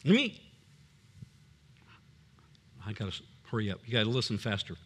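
A man's voice: on the low side, sing-song, moderate pace, background noise. A man preaching a sermon as a pastor, emphatic and punchy, with humorous asides.

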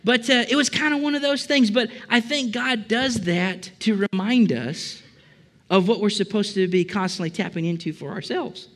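Chatty male pastor, higher-voiced. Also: moderate pace. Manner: chatty, joking, asks the congregation questions. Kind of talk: conversational sermon. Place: church service before a congregation.

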